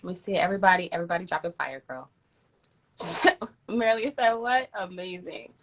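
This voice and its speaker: A young woman hosting a live community stream, chatting casually with slang, reading messages aloud and giving heartfelt shout outs. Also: fairly low pitch, animated, brisk, a little hiss or hum, rough recording. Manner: warm, effusive, uses slang and swears, reads chat aloud. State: near tears at times. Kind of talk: casual livestream chat.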